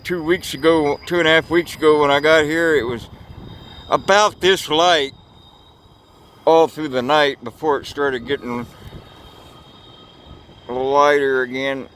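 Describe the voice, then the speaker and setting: Rambling folksy male vlogger outdoors on a camera mic, unhurried, slightly high-pitched. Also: steady tone, fairly bright tone, slight background noise. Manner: rambling, folksy, swears casually. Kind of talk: casual outdoor vlog narration. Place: outdoors by railroad tracks.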